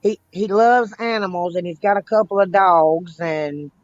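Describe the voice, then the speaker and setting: A man's voice: sits high, steady tone, moderate pace, muffled recording. A man co-hosting a casual livestream chat, reading viewer comments aloud in a plain way.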